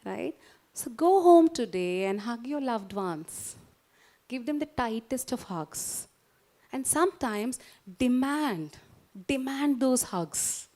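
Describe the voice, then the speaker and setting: A woman with an Indian English accent giving a motivational lecture to a professional audience, coaxing and interactive, often checking in with her listeners and guiding them through a calming exercise. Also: a little high, slow. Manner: warm, coaxing, interactive, asks the audience questions. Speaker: guest speaker at a doctors' society.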